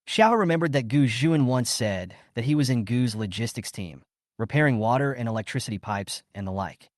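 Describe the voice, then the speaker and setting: A man narrating a comic story recap with steady storytelling. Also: medium pitch, normal speed, no room sound, clean studio sound.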